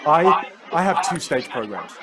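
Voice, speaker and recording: A man coaching on communication at a live seminar. He acts out inner voices with big jumps in pitch. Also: sing-song, unhurried, a loud crowd, heavy background noise.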